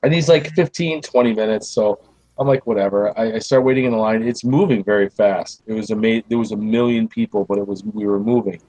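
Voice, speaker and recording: A man's voice: on the low side, fairly quick, darkish tone, dry recording, rough recording. A man, a podcast host telling a long, rambling story in casual chat. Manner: rambling, restarts, acts out quoted people.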